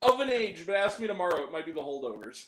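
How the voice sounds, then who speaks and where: A man chatting live, high-pitched and lively, who laughs often while retelling funny sketches. His voice rings in a roomy, echoey space. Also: quick pace. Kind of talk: casual live chat.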